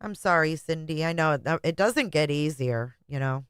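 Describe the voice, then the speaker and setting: A woman's voice: deep voice, animated, moderate pace, clear, resonant tone, no echo, clean studio sound. A middle-aged woman hosting a live stream, reading chat comments and talking bluntly, with plenty of swearing. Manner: blunt and profane, chatty.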